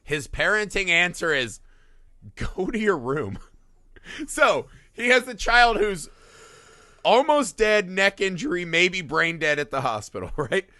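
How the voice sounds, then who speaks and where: Man podcast co-host, bright and sharp, animated and jokey. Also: sits high, unhurried, dry recording, studio quality. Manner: animated, laughs a lot, acts out silly quotes. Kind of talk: casual film review chat.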